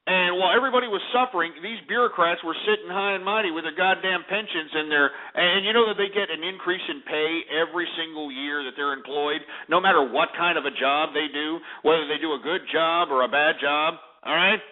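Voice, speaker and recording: Brief: male radio host, profane angry rant, higher pitch, lo-fi phone-line quality. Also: a little fast, few pauses. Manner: ranting, profane and insulting. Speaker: radio talk show host. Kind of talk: call-in talk radio rant. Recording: tinny phone-like radio archive.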